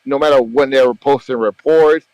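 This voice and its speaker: A man's voice: medium pitch, moderate pace, a little mellow, no echo, muffled recording. A man hosting a casual voice chat, talking emphatically and at length, repeating himself and swearing freely. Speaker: gaming channel host. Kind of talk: casual group voice chat about a mobile strategy game.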